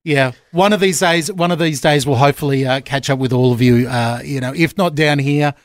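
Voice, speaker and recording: Australian man, middle-aged, radio host, higher voice, dry close sound, animated and laughing. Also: brisk, dry recording. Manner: lively, laughing, animated storytelling. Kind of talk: warm radio interview chat.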